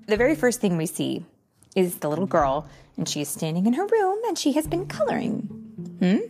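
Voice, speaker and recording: Young woman storybook reader, unhurried, animated pitch, gentle exclaims; faint music under. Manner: slow, expressive, gently exclaiming. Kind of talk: reading a picture book aloud to a child.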